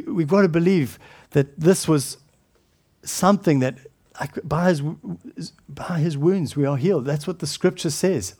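A middle-aged pastor preaches earnestly in a slightly higher voice. He frequently drops into a hushed, solemn tone and restarts his words as he speaks.

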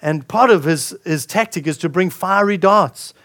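A man preaches a sermon to his congregation. He reads scripture aloud and then comments on it, often restarting his sentences. His speaking voice sits slightly high for a man. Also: moderate pace, fairly bright tone. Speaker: pastor.

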